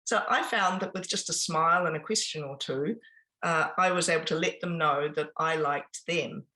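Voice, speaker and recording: A woman giving an informal business presentation, chatty and pausing often with ums and restarts. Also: sits low, sharp tone, rough recording. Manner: conversational, with frequent ums and restarts.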